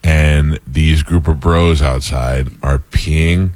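A man hosting a casual talk show, telling animated stories with laughter. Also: extremely low pitch, slow, no echo. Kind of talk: casual storytelling chat.

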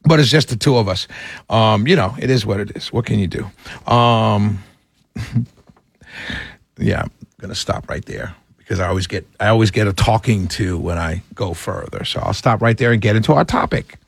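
A man hosting a call-in radio talk show, chatting warmly with callers and reading headlines. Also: fairly low pitch, moderate pace, creaky, breathy edge, dry recording. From Jamaican family roots. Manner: lively, apologetic and chatty with callers.

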